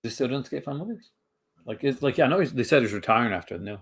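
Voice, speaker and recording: A man's voice: medium pitch, animated, rapid-fire, slightly rough. A man hosting a casual livestream, answering his chat in a rambling way full of fillers and restarts. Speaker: livestream host.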